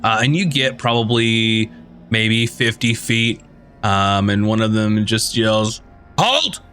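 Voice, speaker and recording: A man's voice: on the low side, level tone, takes it slowly, a bit bright, faint music behind. A man narrating a tabletop game as game master, rambling with lots of fillers.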